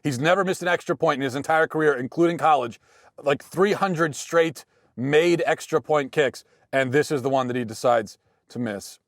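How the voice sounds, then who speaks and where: An American man in his thirties hosting a show, talking through a casual monologue with dry, deadpan humor and frequent restarts. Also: on the high side, moderate pace, dry recording. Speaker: podcast host.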